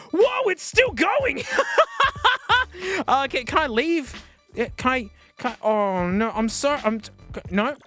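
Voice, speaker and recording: A man, reviewing old music players on camera in a casual, excitable way, laughing and talking to the device. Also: very high-pitched. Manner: excitable, animated, laughs often, talks to the device. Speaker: tech YouTuber.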